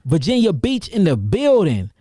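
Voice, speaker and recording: High-voiced hype man doing livestream shout-outs. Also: normal speed, no echo, clean studio sound. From St. Louis, Missouri, USA. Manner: energetic, repetitive, slangy hype. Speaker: herbalist and seminar host.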